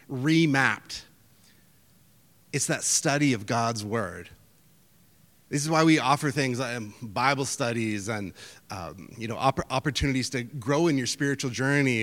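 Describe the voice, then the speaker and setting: A man preaching from the pulpit in a relaxed, conversational style, stumbling and restarting as he goes. His voice sits at a middle pitch and rings with a long hall reverb. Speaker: pastor. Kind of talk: sermon. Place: church hall. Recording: echoey church hall.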